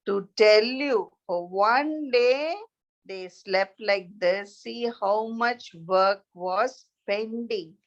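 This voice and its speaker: A woman's voice: medium pitch, extremely slow. A woman voicing a clever young princess who patiently explains her lesson to her father. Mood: coaxing. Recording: dull lo-fi recording.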